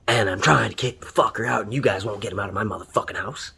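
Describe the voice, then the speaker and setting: A Canadian taxi driver delivers a heated online rant packed with constant swearing and anger. He talks fast in a fairly low voice that's creaky and sharp-toned, with a breathy edge.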